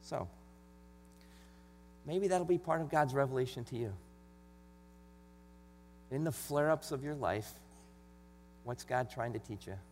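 A man's voice: medium pitch, unhurried, pauses often. Man preaching in an echoing hall. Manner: earnest, conversational preaching with rising emphasis when reading scripture. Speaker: pastor. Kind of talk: sermon. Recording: long hall reverb with faint mains hum.

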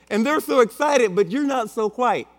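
High-voiced man preaching in a reverberant hall. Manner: emphatic, repetitive preaching with playful asides. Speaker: pastor. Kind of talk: sermon. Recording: long hall reverb with mains hum.

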